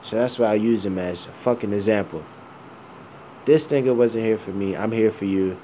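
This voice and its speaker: At normal speed, a man around forty speaks in a lowish, dark voice against slight background noise. His personal monologue is rambling and blunt, laced with swearing, fillers, and asides he keeps repeating.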